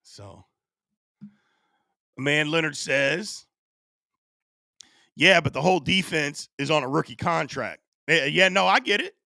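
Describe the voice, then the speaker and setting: Male stream host, voice fading hoarse; bright, edgy tone, dry close-miked sound, casual chat with the audience. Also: fairly high pitch, takes it slowly, pauses often, no room sound. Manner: animated, reads and answers chat. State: voice going hoarse. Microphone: studio USB microphone.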